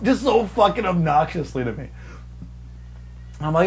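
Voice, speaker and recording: A man's voice: sits high, expressive, a little slow, long pauses, soft background music. A young adult man hosting a podcast, telling stories in a rambling, mocking way with plenty of swearing. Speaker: podcast host. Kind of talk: casual storytelling chat.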